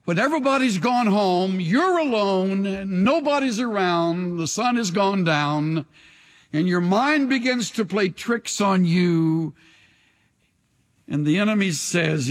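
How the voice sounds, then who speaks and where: Male pastor, high lively voice, slow deliberate impassioned preaching, echoing sanctuary. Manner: impassioned, rhythmic preaching with long pauses. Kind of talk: sermon with altar call. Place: large church sanctuary. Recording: reverberant church sanctuary.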